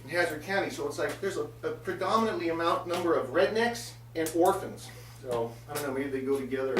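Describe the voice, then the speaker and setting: A man hosting a comedy show tells a wandering tale, stopping often on fillers before landing a sarcastic aside. His voice sits somewhat high for a man. He sounds set back from the mic in an echoey room. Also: fairly bright tone, far from the mic. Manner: meandering storyteller, many filler pauses, sarcastic asides. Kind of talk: rambling comic monologue.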